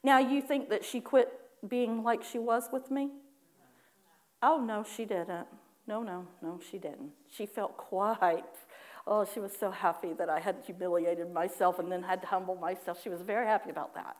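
A woman preaching a personal testimony, animated in her storytelling, acting out her own prayers with laughing asides. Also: mid-range voice, normal speed. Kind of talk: sermon testimony.

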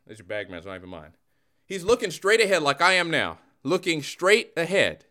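Male host, lively, mock-dramatic sports banter. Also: on the high side, fast. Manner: animated, teasing, mock-dramatic. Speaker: podcast host. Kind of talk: casual comedic sports chat.

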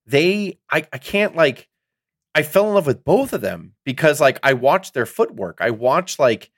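A man's voice: a little high, measured pace, no room sound. Middle-aged guy rambling on a podcast, swears a lot, gets worked up, dry close sound. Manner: rambling, excitable, heavy swearing. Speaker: podcast co-host. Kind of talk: casual chat.

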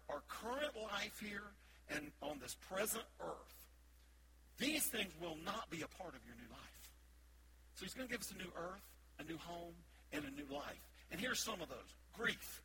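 High-voiced guy preaching a sermon, gets real loud then goes quiet, humming noise behind. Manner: swings between loud emphatic shouts and quiet asides; admits he speaks loudly most of the time. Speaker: associate pastor.

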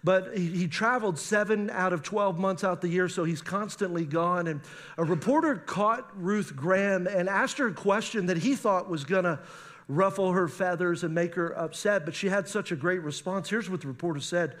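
A middle-aged male pastor preaching a sermon on marriage, animated and acting out spouses' voices. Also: high voice, normal speed.

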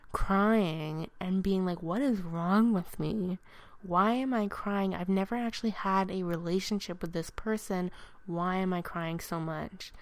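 A woman telling a personal story in a candid, self-deprecating way, often halting and laughing. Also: on the low side, gravelly, no echo. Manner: halting with restarts and ums.

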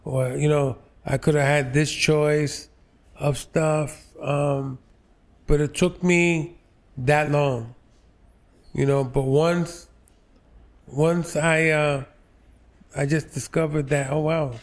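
Slow gravelly New York man in his sixties. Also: a little high, fairly even intonation. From New York, Lower East Side. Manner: slow, halting, full of fillers and restarts. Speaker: actor, guest. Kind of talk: relaxed interview storytelling.

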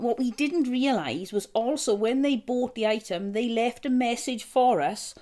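A woman's voice: a little high, measured pace, warm tone. A middle-aged woman co-hosting a podcast, telling stories in an earnest, reassuring casual chat. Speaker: podcast co-host.

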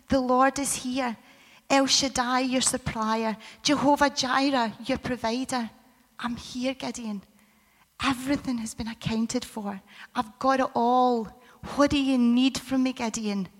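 Lady preacher doing god talking soft and tender, half whispered, big echoey hall, highish voice. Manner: soft, hushed, often whispered. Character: gentle reassuring male God speaking. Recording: reverberant hall.

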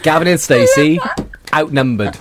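A man's voice: on the high side, animated, normal speed, very noisy. A young man presenting a hospital radio show in casual, bantering chat.

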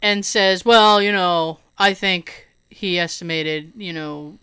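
A woman's voice: on the low side, slow, clear, resonant tone. A woman telling a story in casual chat, acting out what others said and laughing often. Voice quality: hearing loss in right ear. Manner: animated, laughing storyteller who acts out quotes.

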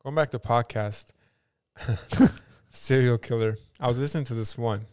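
A man co-hosting a podcast rambles through a story in loose, casual chat, full of fillers and restarts. His voice is smooth and resonant at a middle pitch. The recording is dry and close. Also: moderate pace, darkish tone, dry recording. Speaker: podcast co-host.

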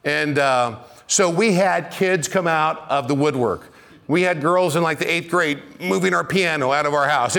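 A middle-aged man preaching a sermon as pastor, telling a story and rising to near shouts when excited. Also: sits high, moderate pace.

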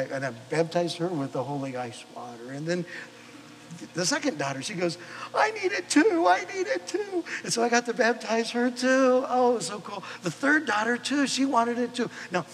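A male pastor preaching a sermon, telling a story with animated delivery, acting out the voices of the people in it and often restarting his words. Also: fairly high pitch, a little hiss or hum, low-quality recording. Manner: animated storyteller, acts out quoted voices, frequent repeated starts. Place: church or chapel service.

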